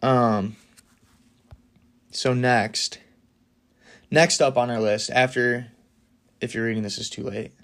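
A man hosts a laid-back solo podcast, speaking in a mid-range voice. He talks casually and with strong opinions, and he often speeds up in excited bursts. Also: medium pitch, slow, long pauses. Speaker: podcast host.

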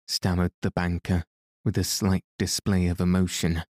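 A man narrating a classic adventure story in a measured, even way. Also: low-pitched, dry recording, studio quality. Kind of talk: audiobook narration.

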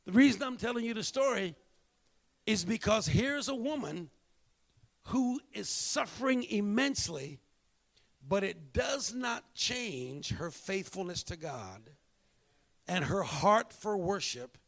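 A male pastor delivers a sermon in a high, gravelly voice. He tells his story in a preaching rhythm, dropping to hushed, slow lines and then rising to emphatic bursts. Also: animated.

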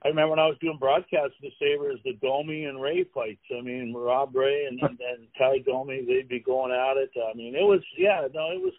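A man's voice: medium pitch, animated, brisk, hardly any pauses, no room sound. A Canadian man in his sixties, a former player, rambling through stories with many fillers and restarts. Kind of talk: casual storytelling. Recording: tinny phone-like dry line.

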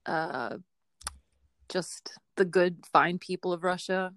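A woman's voice: fairly low pitch, little pitch movement, takes it slowly, fairly bright tone, no room sound. A woman co-hosting a podcast, telling an aviation story in a chatty, casual way with frequent laughs and fillers. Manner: chatty, laughs often, lots of fillers and hedges.

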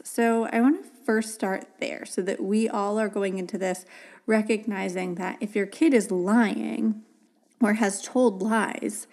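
Gentle woman podcast host. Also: medium pitch. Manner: gentle, reassuring, acts out child and adult dialogue. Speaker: podcast host, parenting educator. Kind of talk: casual solo podcast talk.

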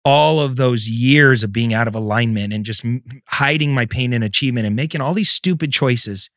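A middle-aged man speaks intensely, pushing loud one moment and sinking to a near murmur the next. His voice sits close and dry against the mic, with no room sound around it. His pitch is in the middle range for a man. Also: normal speed, no echo. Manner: intense, swings between loud and hushed. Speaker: podcast host. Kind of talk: emotional personal storytelling.

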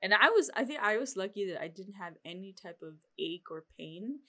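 A woman's voice: medium pitch, expressive, fairly quick, a bit bright. A young woman co-hosting a podcast, chatting casually and laughing often. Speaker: podcast co-host. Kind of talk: casual chat.

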